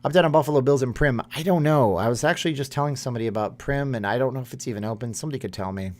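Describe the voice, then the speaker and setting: A man's voice: mid-range voice, very fast, darkish tone. A man, hosting a casual live stream and reading chat comments aloud in a rambling way. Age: 30s.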